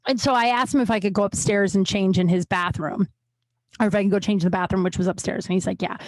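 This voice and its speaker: A woman's voice: mid-range voice, steady tone, fast talker, a little mellow, dry recording. A young adult woman hosting a solo podcast, talking in a rambling, confessional way with lots of restarts and fillers. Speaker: podcast host. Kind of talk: candid solo podcast monologue.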